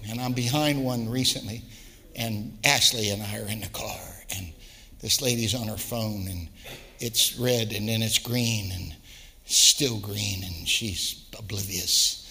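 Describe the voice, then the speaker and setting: A man's voice: lowish voice, unhurried, vocal fry, pushed and bright, big-room sound. A middle-aged man, a pastor, preaching a sermon and telling stories with repeated words. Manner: storytelling with acted quotes, repeats words.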